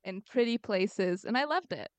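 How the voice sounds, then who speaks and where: A young adult woman co-hosting a podcast, chatting in an animated, jokey and self-deprecating way. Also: mid-range voice, moderate pace, smooth, dry recording. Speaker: podcast co-host. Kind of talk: casual chat.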